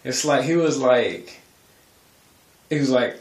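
A man's voice: medium pitch, slow, reverberant. A man giving a casual religious testimony on his vlog, talking in a rambling, conversational way with many fillers. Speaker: video creator sharing a spiritual testimony.

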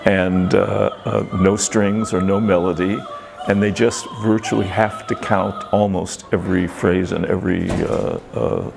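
Deep gravelly man over music. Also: flat delivery, background noise. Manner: measured, explains with hesitant fillers. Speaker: ballet master. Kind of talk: explanatory interview.

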